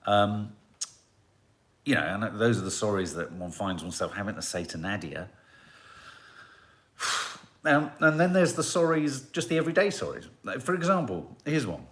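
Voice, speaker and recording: A middle-aged man talks casually on a live stream, mulling over viewers' comments. His voice sits low but swings widely in pitch, chatty and reflective. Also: very animated, normal speed, long pauses, a bit bright. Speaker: host reading live chat comments.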